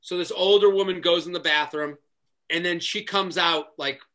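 Bright, high-voiced male comedian. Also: normal speed. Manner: animated storytelling with lots of "like". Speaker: guest comedian. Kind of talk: casual podcast chat.

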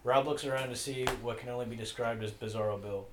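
A man's voice: medium pitch, fairly even intonation, quick pace. Man reading comedy stage directions. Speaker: narrator of a comedy script. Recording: echoey room, faint noise.

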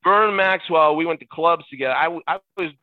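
A middle-aged man, a podcast guest, telling lively stories in a casual chat, excitable and quick to laugh. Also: a little high, no echo. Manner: excitable, jumps into shouted impressions and laughs. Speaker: guest, former ballboy. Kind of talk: animated storytelling in casual chat. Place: at home in Utah. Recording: tinny phone-line sound, dry.

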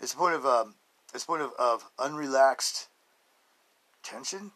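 A man with a bright, forceful voice talks off the cuff on his own podcast. He rambles in a folksy, joking way, laughing often as he wanders from one story to the next and into life advice. His pitch sits right in the middle. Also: measured pace. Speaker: podcast host. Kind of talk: casual rambling monologue.

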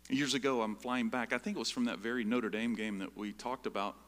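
A middle-aged man preaching a sermon, telling a personal story in a conversational way and often checking in with the listeners with a quick "right?". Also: mid-range voice, fairly even intonation, a bit bright, long reverb tail. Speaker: pastor.

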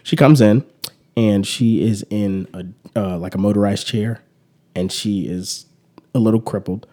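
Profane, dark-voiced male podcast host. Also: on the low side, unhurried. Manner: profane, self-deprecating storytelling. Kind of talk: casual podcast chat.

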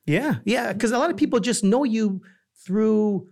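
A man's voice: high voice, unhurried, a little mellow. A man hosting a podcast, chatting casually, asking questions and rambling with lots of fillers and restarts. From Italian heritage. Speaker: podcast host. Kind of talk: casual chat.

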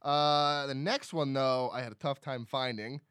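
A young man co-hosting a casual movie podcast, chatty and quick to agree, laughing often and swearing freely. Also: mid-range voice, fairly even intonation, a bit bright, clear, resonant tone, no echo, clean studio sound. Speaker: podcast co-host. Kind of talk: casual movie-review chat.

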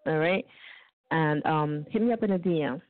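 A woman's voice: sits low, moderate pace, phone-quality sound. A woman hosting a call-in radio show, chatting loosely, laughing often and swearing freely. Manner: loose, laughing, profane banter. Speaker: radio host. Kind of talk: casual call-in radio talk.

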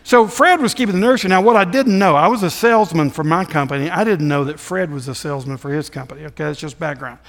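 A man's voice: fairly high pitch, quick pace, few pauses, in a large hall. A man from the States, preaching a sermon and acting out the dialogue as he tells personal stories. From Southern United States. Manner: animated storyteller who acts out dialogue.

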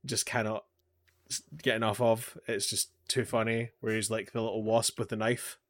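A man co-hosting a casual podcast chat, talking in a halting way with many fillers and restarts, often chuckling through his stories. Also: fairly low pitch, little pitch movement. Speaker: podcast co-host. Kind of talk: casual chat about anime and pop culture.

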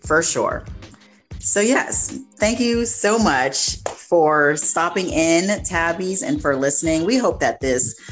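A woman co-hosting a casual faith podcast, chatting in an upbeat, talkative way. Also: low-pitched. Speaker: podcast co-host.

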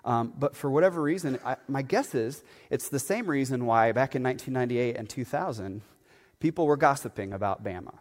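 A man's voice: medium pitch, brisk. Guy pastor rambling thru a story during a sermon, lots of ums and asides, long echo off a big church hall. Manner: animated, chatty storyteller with many fillers and asides. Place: church sanctuary.

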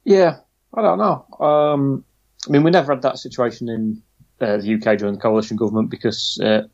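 Guy gravelly voice, joking about the news, kinda dull lo-fi sound. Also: medium pitch, steady tone, a little fast, darkish tone. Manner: chatty, wry, drifts into mock quotes. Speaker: podcast co-host. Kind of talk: casual chat.

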